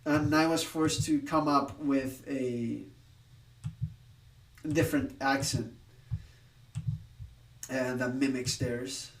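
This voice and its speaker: A man's voice: mid-range voice, little pitch movement, takes it slowly, long pauses. Rambling man streamer, distant roomy sound. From Spain. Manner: rambling, laughing, swearing, with restarts. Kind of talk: casual live-stream chat.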